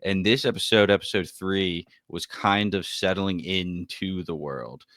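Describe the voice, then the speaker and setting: A man co-hosting a casual TV podcast, relaxed and rambling, with many fillers. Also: low-pitched, measured pace, no echo. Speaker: podcast co-host.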